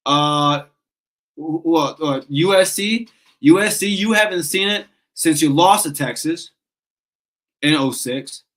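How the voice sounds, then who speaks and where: A man's voice: fairly high pitch, a bit bright, poor audio. A man in his thirties hosting a casual sports call-in show, ranting with passion, swearing and restarting his sentences. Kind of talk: casual fan talk show.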